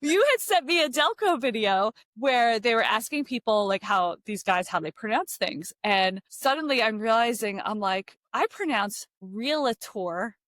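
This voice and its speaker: Brief: chatty Philadelphia-accented woman, fairly high voice, dry close sound. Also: animated, a bit bright, no echo. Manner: chatty, quick to chime in. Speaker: podcast co-host. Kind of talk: casual chat over drinks.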